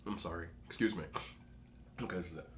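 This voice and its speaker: A man's voice: low-pitched, fairly even intonation, quick pace, slight background noise. A young man hosting an eating show, telling a rambling story casually with lots of asides and laughter. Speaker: mukbang host.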